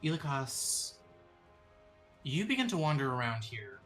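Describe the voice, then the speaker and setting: A man acting as dungeon master, describing a scene and laying out choices for the players in a measured storytelling manner. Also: medium pitch, very animated, fairly bright tone, faint music behind. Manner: descriptive, measured storytelling with sudden quick asides. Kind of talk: narrating a tabletop game.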